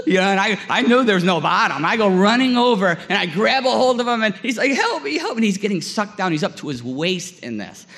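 A man in his forties telling a lively story in a sermon, acting out scenes with many fillers. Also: sits high, in a large hall. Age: 40s. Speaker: guest chapel speaker.

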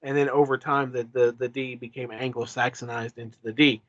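A man's voice: medium pitch, flat delivery, a little fast, a bit bright, no room sound. A man talks loosely on a podcast, circling back on himself with plenty of ums and restarts. The sound is a bit dull and lo-fi, and very dry, with no room around it. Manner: rambling, many fillers and restarts. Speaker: podcast co-host. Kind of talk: casual chat.

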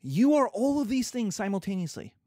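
A man's voice: high voice, big pitch swings, brisk, dark tone, no room sound, studio quality. A man lecturing as a professor, asking and answering his own questions and acting out little scenes. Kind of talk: lecture to students.

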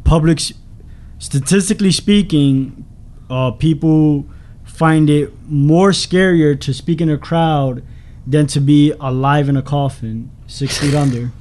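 A man's voice: on the high side, measured pace, a little mellow, a little hiss or hum. Thoughtful man talking it through. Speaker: comedian guest, former Marine. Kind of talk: casual interview chat.

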